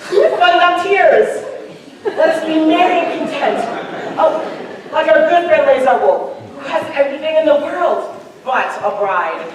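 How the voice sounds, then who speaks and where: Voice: high voice, lively intonation, unhurried. A young actor in a school musical playing a ceremonious wedding host who announces gifts and toasts, recorded from far off in an echoing auditorium with a noisy audience. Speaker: high school stage actor. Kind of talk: live school musical acting. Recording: roomy hall, far off, crowd noise.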